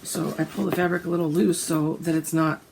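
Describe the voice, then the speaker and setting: A woman, hoarse and gravelly from a cold, chatting casually about her cross-stitch plans and often clearing her throat. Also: level tone, brisk, background noise. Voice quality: gravelly, deep. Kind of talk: casual chat.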